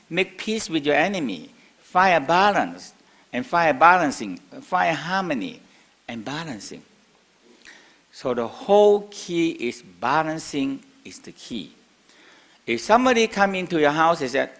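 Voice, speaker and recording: A man's voice: a little high, sing-song, unhurried, fairly bright tone. Older male teacher, non-native English, casual lecture, laughs often, rhetorical questions. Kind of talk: spoken lecture to a class.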